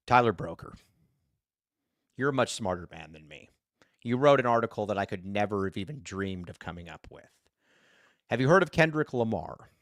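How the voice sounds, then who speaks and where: A man co-hosting a casual sports podcast livestream, talking in an excitable way and reading viewer comments aloud. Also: on the low side, normal speed, long pauses, dry recording, clean studio sound. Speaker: podcast co-host.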